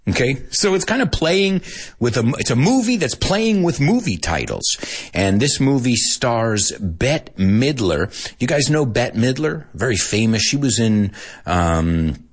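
A man's voice: medium pitch, a little slow, husky. A man, chatting as he teaches English through a film scene and slips into Spanish to explain words. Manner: switches between English and Spanish, animated and chatty.

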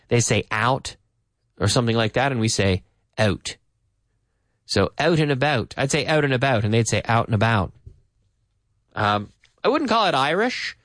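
A Canadian man hosting a live radio English lesson from a studio, reading listener messages and explaining phrases slowly with examples. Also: mid-range voice, a bit bright, no echo. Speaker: radio English teacher and host.

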